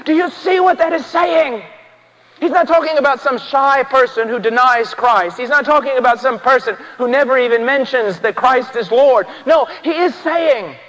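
A man preaching an impassioned sermon, swinging from hushed, solemn passages to ringing, shouted emphasis. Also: very high-pitched, normal speed. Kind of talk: fiery sermon. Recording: dull sound in a reverberant church hall.

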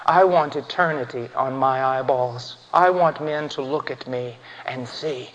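A man preaching an impassioned sermon, swinging from hushed, solemn passages to ringing, shouted emphasis. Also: mid-range voice, a little slow. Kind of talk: fiery sermon. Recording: dull sound in a reverberant church hall.

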